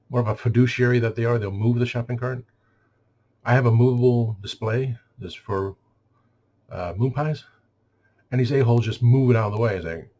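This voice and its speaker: Husky sarcastic man ranting. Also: mid-range voice, darkish tone. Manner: sarcastic and exasperated, mimics customers. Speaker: store clerk venting. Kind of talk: casual rant.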